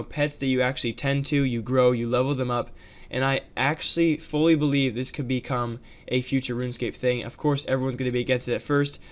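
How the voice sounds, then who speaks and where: A man talks over gameplay for his channel in a loose, chatty way, with plenty of fillers and frequent asides to his viewers. His voice is smooth and clear, and his pitch sits in a middle range. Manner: chatty, addresses viewers as guys, many fillers. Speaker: gaming video creator. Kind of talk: casual gameplay commentary.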